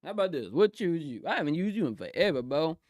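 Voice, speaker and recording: A young man chatting excitedly on a live stream, giggling often and talking in loose slang. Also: fairly high pitch, quick pace, no room sound, studio quality. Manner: excitable, giggly, slangy, keeps saying "bro". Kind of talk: casual live-stream chat. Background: faint music.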